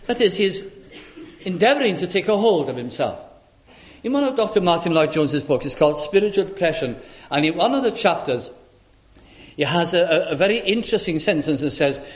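A man preaching a sermon, expressive, acting out the voices of the people he quotes. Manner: expressive, acts out quoted voices with wide pitch swings.

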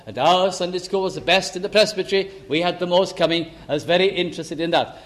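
Older man, preacher, sermon, high-pitched, fervent, emphatic then soft asides, miked. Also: fast. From Lancashire, England. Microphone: amplified microphone.

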